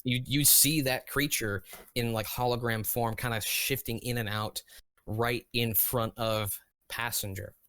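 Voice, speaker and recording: A man at an unhurried pace acts as game master for a tabletop game. He searches aloud and fills pauses with ums and restarts. His voice is close and dry, with no room sound around it. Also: mid-range voice, steady tone, fairly bright tone, no echo. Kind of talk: running a tabletop game over voice chat.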